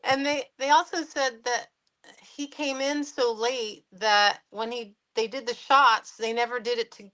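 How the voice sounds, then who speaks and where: A woman co-hosting a casual film discussion, unhurried and quick to laugh. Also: fairly high pitch, fairly even intonation, sharp tone, no echo, low-quality recording.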